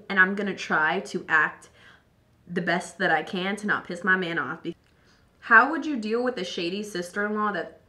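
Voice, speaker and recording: Young woman vlogger, tipsy and slightly hoarse, bright-voiced, chatty and profane. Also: lowish voice. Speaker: beauty vlogger. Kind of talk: tipsy casual chat while doing makeup.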